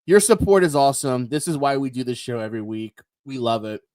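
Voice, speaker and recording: Lively, chatty male streamer. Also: medium pitch, a little fast, no room sound. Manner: rambling, chatty, laughs often. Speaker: live stream co-host. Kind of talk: casual live stream chat.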